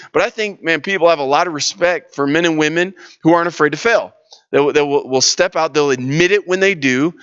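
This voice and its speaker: A man's voice: a little high, brisk, fairly bright tone, smooth, lo-fi sound. A man leading a church leadership workshop, talking in a casual, storytelling way with lots of restarts and fillers. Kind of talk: conversational teaching session.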